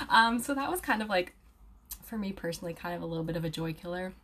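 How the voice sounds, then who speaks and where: With a medium-pitched voice and a fast pace, this young woman, an aromatherapy student and live-stream host, chats casually with her viewers. She reads their comments aloud and leans heavily on fillers and laughs.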